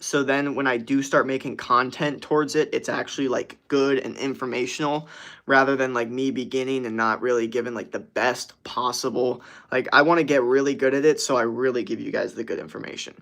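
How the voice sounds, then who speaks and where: His voice sits in the mid range with a sharp tone. A young man doing a casual livestream, he responds to chat by reading comments aloud, easygoing and quick to laugh.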